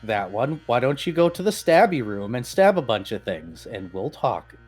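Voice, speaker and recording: A man voicing an exasperated male second-in-command in a tabletop game, speaking low, soothing and weary. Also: very animated, normal speed, a little mellow, husky, faint music behind.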